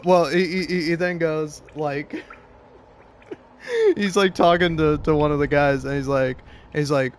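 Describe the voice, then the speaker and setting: Rambling young-sounding man, slightly high voice. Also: slight background noise. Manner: rambling, filler-heavy storytelling, laughs often. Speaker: gaming video creator. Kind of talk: casual gameplay commentary.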